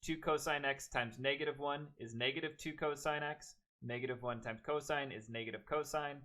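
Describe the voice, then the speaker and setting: A man's voice: mid-range voice, fairly even intonation, moderate pace, bright, forceful tone. A man teaching a math class, working through steps aloud and cracking chatty jokes at his students in a classroom. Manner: joking, chatty asides between worked steps. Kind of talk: classroom lecture.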